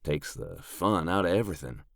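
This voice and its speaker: A man's voice: low-pitched, expressive, no echo, studio quality. A man voicing a creepy drawling biker villain. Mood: menacing, deadpan. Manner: slow, quiet drawl. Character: menacing male biker with slow creepy drawl. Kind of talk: audiobook character voice.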